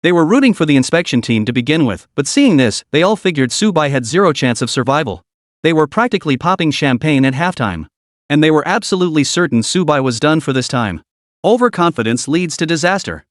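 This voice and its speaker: A man narrating a web novel audiobook with lively, dramatic storytelling. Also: on the high side, fairly quick, no room sound, clean studio sound.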